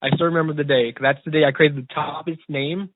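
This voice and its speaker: Young male podcast host, rambling and excited; dead, narrow phone-quality audio. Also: fairly high pitch, fast talker, no room sound. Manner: rambling, eager, many restarts. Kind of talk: casual storytelling chat. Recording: tinny phone-like dry sound.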